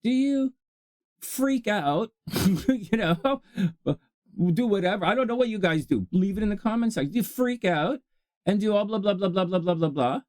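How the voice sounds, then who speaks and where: A man hosting a rambling self-help monologue, jokey and animated, often laughing and answering his own questions. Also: high voice, normal speed, no room sound. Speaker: self-help video host.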